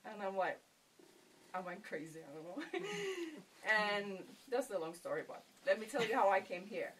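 A woman's voice: mid-range voice, big pitch swings, measured pace, fairly bright tone. A middle-aged woman with a Puerto Rican accent, giving a personal testimony to a retreat group in a storytelling way, often laughing. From Puerto Rico. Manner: storytelling, acting out her own quotes, laughs often. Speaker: retreat participant. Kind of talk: personal testimony in a sharing circle. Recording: distant mic, faint background noise.

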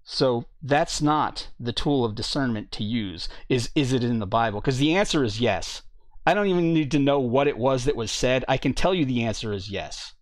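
A man reads scripture aloud and explains it in a steady, plain teaching voice. His pitch sits in the ordinary middle range for a man. The recording is dry and close, with almost no room sound. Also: moderate pace, no room sound. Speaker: preacher. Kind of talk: bible teaching talk.

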